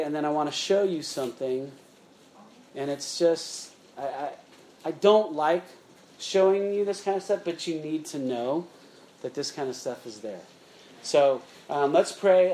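Man, pastor, halting conversational sermon, slightly high voice, echoey room. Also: darkish tone, a little hiss or hum. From United States. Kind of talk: sermon and prayer.

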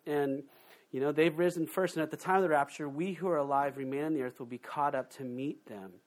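A man preaching a sermon, animated, moving between loud emphatic points and quiet asides while acting out the voices of people he quotes. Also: fairly high pitch, fairly quick. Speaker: pastor.

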